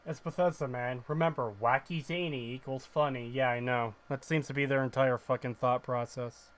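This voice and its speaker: A man's voice: medium pitch, steady tone, moderate pace, a bit bright. A male game streamer giving casual, ranting commentary, blunt and sarcastic, who swears freely.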